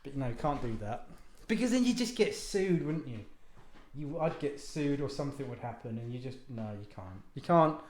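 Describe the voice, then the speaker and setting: A man's voice: mid-range voice, big pitch swings, fairly quick, a little mellow, a little hiss or hum. A man talking casually to viewers at home, rambling off on tangents, mocking himself and swearing now and then. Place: home lounge. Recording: roomy echo.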